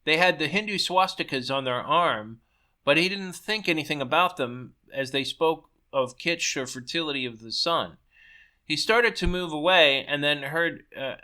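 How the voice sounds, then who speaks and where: A man reading his own story aloud in a brisk way, sometimes stumbling and restarting a word. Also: a little high, sharp tone. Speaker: story reader.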